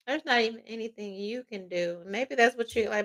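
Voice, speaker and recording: A woman's voice: a little high, measured pace, pauses often. Brash, profane woman tarot reader. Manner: loud, profane and laughing, slipping into playful quoted voices. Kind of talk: casual tarot reading.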